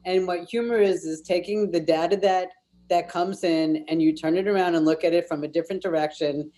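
A woman coaching a guest, explaining a method in a clear, instructive way. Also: on the low side, steady tone, a little fast, dark tone. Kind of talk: casual explanation.

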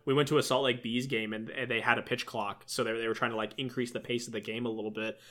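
Bright-voiced rambling podcast guy. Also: medium pitch, little pitch movement, fast. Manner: rambling, many restarts and fillers. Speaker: podcast co-host. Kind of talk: casual sports chat.

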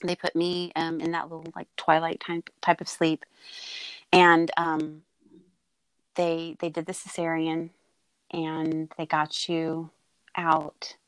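A middle-aged mother speaks in a slightly low voice, tender and halting, with many pauses and fillers as she tells a personal story. The sound is close and dry, with no room echo. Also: completely flat delivery, clean tone. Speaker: mother telling her daughter's birth story. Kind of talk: casual heartfelt conversation.

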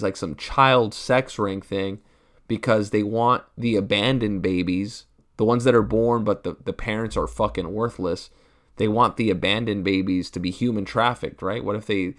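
A man in a profane stand-up rant, rambling and crude, peppering his talk with rhetorical asides. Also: on the low side. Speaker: comedian.

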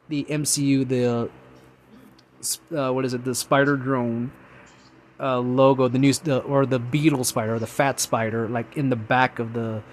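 Young guy, mid-range voice, excitable rambling host, faint background noise. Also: medium pitch. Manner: excitable fan, many fillers and restarts. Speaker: podcast host. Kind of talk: casual rambling monologue.

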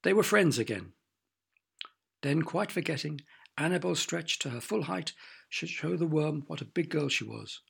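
A man narrating a children's storybook with expressive, playful sound effects. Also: fairly high pitch, normal speed, creaky, slightly rough.

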